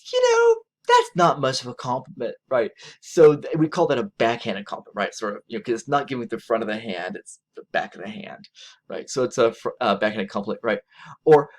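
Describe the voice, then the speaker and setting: A man giving a recorded lecture in a conversational, animated way, often ending points with "right?". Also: normal speed. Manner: animated, conversational, acts out quotes in a higher voice; frequent "right?" tag questions.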